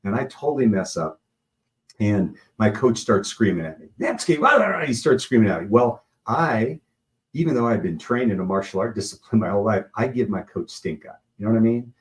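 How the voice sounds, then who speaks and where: A man's voice: lowish voice, brisk, poor audio. A man guesting on a talk show as a martial arts instructor and speaker, telling earnest motivational stories. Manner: earnest, anecdotal, animated when telling stories. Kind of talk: motivational storytelling.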